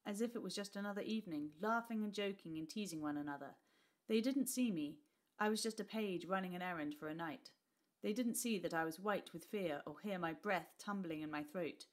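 A woman teacher reading a class novel aloud with expressive storytelling. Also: medium pitch.

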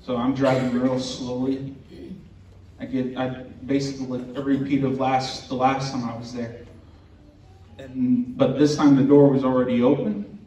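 A man telling a true ghost story to an audience in an earnest, unhurried way, with religious language. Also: mid-range voice, flat delivery, warm tone, slight background noise. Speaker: host telling a personal story. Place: indoor event room. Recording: roomy, distant, dull recording with faint ambience.

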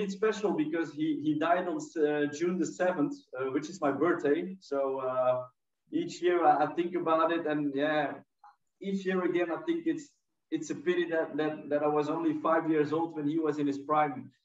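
A man's voice: on the high side, steady tone, moderate pace. A man in his thirties with a Belgian accent, hosting an interview and asking questions politely with many fillers. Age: 30s. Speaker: podcast host. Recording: distant, roomy, dull call audio.

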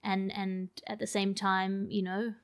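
Guest: Australian woman comic, mid-pitched voice, dry and wry, quick to laugh. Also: flat delivery. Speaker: comedian guest. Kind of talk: casual interview chat.

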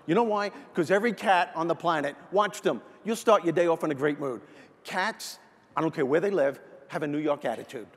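A man with a high, bright-sounding voice delivers a funny motivational talk, animated and energetic as he tells stories. His voice bounces around a large hall with long reverb. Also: fairly quick, breathy edge. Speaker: motivational speaker. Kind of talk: humorous keynote stand-up.

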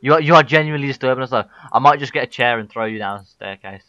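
A British man hosting a casual game live stream, his voice bright and crisp. He chats loosely, jokes and teases in a playful back-and-forth, at an ordinary middle pitch. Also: very fast, muffled recording. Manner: playful, jokey, teasing banter. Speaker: livestream host.

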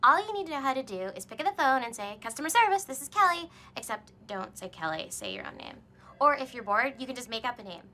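Kelly Kapoor, a bright gossipy office girl. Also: high voice, very animated, fast talker, a little hiss or hum, heavily acted. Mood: bossy. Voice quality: chirpy, breathless chatter. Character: bubbly, gossipy, self-absorbed young office woman. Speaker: office customer service rep. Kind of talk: sitcom acting.

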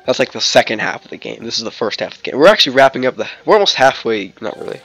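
A let's play host narrates his gameplay in a casual, rambling style, full of "like" and restarts, cracking jokes and slipping into snatches of song and silly voices. His mid-range voice is sing-song, a bit bright, and racing, with faint music in the background.

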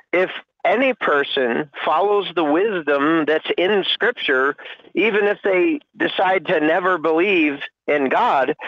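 A man's voice: sits high, no room sound. A man speaking earnestly as a church panelist, preaching with many fillers over a lo-fi stream. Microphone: online call or stream mic.

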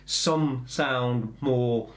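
A man's voice: mid-range voice, extremely slow, echoey room. A man hosting a reaction video, chatting casually and with hesitation. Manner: rambling, hesitant, with many fillers. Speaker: reaction channel host. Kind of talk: casual chat.

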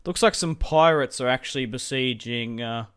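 A man's voice: mid-range voice, moderate pace, fairly bright tone, clean tone. A young man casually commenting on a strategy game as he plays, rambling and chatty, often laughing to himself. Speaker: gaming commentator.

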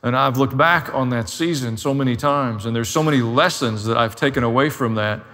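A man's voice: mid-range voice, brisk, fairly bright tone, long reverb tail. A man preaching a sermon as a pastor, telling his own story in a candid, self-deprecating way.

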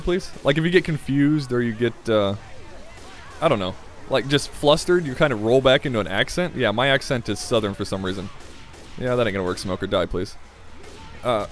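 A young man giving casual, rambling commentary over a game at his desk late at night, tired and giggly. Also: medium pitch. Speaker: gaming commentator. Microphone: desk microphone.

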